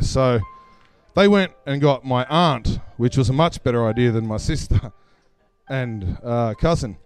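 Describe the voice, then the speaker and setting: With soft background music, an Australian man at a live event tells a personal story through a stage microphone in a mid-range voice that is clear and resonant, at a slightly slow pace. He stays casual and self-deprecating, laughing as he talks.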